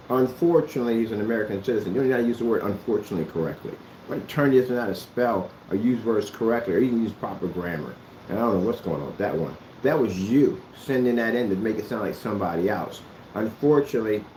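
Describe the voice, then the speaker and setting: In an echoey room, a vlogger delivers a confrontational address to the camera, berating someone with sarcasm and heavy repetition. His voice is fairly low and a little mellow, with slight background noise.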